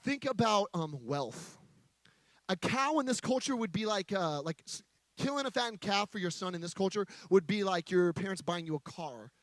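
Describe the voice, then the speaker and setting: A man's voice: sits high, animated, normal speed, dry recording. A man preaching a sermon from a stage, joking with a live audience in a playful, chatty manner.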